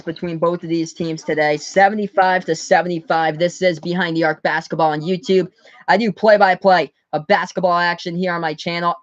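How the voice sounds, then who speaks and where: A man from the US Northeast streams live play-by-play, briskly calling the score and talking with his chat. His voice sits high, there's no room sound, and the recording is muffled.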